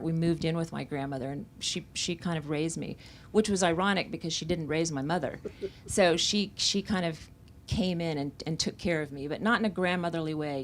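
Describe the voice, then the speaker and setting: A woman's voice: fairly low pitch, a little hiss or hum. A woman from Central Florida, an author at a bookstore event, telling candid, reflective stories about her memoir. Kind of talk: conversational book talk.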